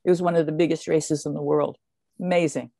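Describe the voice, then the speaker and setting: An older woman, a guest in an interview, telling stories in a lively way with many fillers and restarts. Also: sits low, a little fast, gravelly, no echo. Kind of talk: casual interview storytelling.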